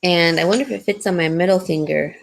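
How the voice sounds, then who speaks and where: A woman's voice: fairly low pitch, fast, creaky. A woman hosting a live jewelry sale, chatting casually and giggling, rambling with fillers. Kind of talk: casual live-stream sales chat.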